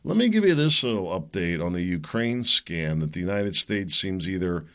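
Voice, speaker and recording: A man's voice: deep voice, very animated, normal speed, sharp tone. A man hosting a political commentary show, thinking aloud and hedging his opinions as he talks. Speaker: host.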